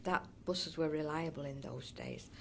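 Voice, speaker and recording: Low-sitting and creaky yet a bit bright, her voice moves at a moderate pace over a slight hiss or hum. The speaker is an older woman from North East Derbyshire in England, an oral history interviewee whose memories come out chatty and rambling, full of restarts and affectionate asides.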